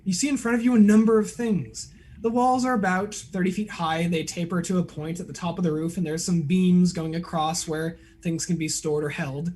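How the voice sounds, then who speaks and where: A man's voice: high voice, fairly even intonation, moderate pace, a little mellow. A man narrating a tabletop game as game master, describing scenes loosely with frequent "like" and "uh".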